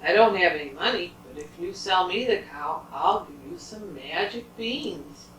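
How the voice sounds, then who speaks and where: A woman's voice: fairly low pitch, lively intonation, a little slow, fairly bright tone, a little hiss or hum. A woman voicing a tiny, coaxing little man. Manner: coaxing storybook delivery. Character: tiny tricky old man. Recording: roomy, distant home recording.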